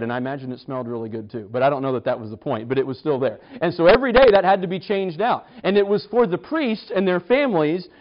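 A man teaching a conversational Bible study, chatty, with wry humor and frequent restarts. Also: fairly high pitch. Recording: slightly dull lo-fi recording.

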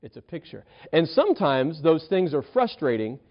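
A man's voice: on the high side, sing-song, moderate pace, dull audio. A male pastor preaching a sermon, telling a story with frequent restarts and acted-out quotes.

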